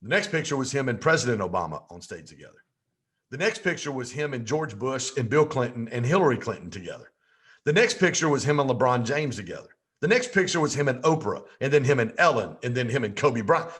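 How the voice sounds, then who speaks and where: Folksy man, animated anecdote teller, average-pitched voice. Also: fairly quick. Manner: lively anecdotal storyteller, folksy asides. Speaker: podcast guest. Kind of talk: storytelling in a podcast interview.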